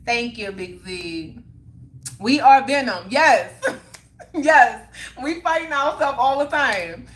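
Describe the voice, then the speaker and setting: Lively motivational woman on a livestream. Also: on the high side, takes it slowly. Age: young adult or middle-aged mother. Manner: motivational, preachy about accountability, laughs often. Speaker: livestream host reading viewer comments. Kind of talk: casual livestream chat.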